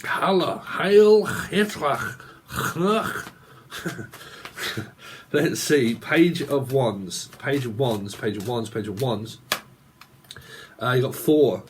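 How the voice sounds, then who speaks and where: A man's voice: mid-range voice, slow, long pauses, a little hiss or hum. A man giving a rambling tarot reading, free-associating aloud, muttering strings of names and chuckling to himself. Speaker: tarot reader.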